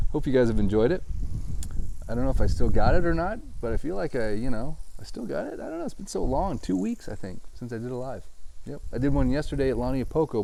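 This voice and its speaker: A man's voice: mid-range voice, mellow. A man, a real estate agent, chatting casually and jokingly on a live stream from outdoors on a hillside. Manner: chatty, jokey, upbeat.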